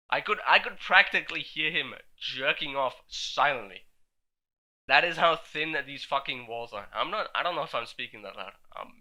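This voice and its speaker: A man's voice: medium pitch, sharp tone, rough recording. A teenage boy who is sick, rambling and swearing in a frustrated casual rant on a borrowed cheap microphone. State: sick with a virus. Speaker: gaming commentary vlogger. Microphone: borrowed low-quality microphone.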